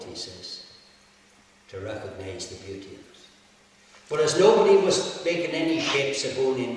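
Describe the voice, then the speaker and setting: An Irish man spins a local folk tale in a chatty, easy way, his lines sprinkled with "he said." He stands far from the mic inside an old chapel, so a long hall echo trails his voice. A faint hiss sits behind it all. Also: medium pitch. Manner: chatty, with frequent "he said" tags and laughter. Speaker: local storyteller. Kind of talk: oral folk storytelling.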